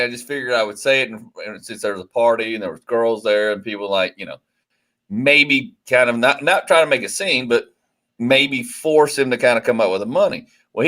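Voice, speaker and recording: A man in his forties from Georgia telling a long animated story, swearing freely, on a casual podcast. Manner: animated, swearing, rising pitch as story builds. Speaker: podcast co-host.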